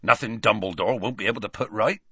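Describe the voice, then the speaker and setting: A man voicing a huge, hairy gamekeeper with rough, folksy speech in a storybook reading. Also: on the low side, fast, a bit bright, no room sound, studio quality. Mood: hopeful. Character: huge hairy male gamekeeper, gruff and kindly.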